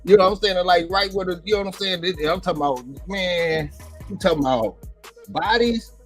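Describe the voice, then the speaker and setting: A man's voice: high voice, a little fast, a bit bright, soft background music. A man in casual chat, talking in a laid-back, slangy way with lots of "man" fillers. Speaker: podcast co-host. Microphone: livestream mic.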